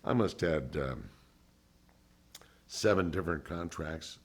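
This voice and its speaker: A man's voice: extremely low pitch, measured pace, breathy edge. An older man, a former radio DJ, telling stories in an oral history interview and acting out the voices of people he quotes. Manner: animated storyteller who acts out others' voices.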